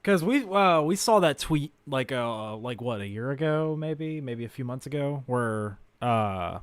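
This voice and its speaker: A man hosting a livestream, reacting to a video with crude, mocking commentary that swings between loud outbursts and mutters. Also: mid-range voice, expressive, measured pace, clean tone, no echo.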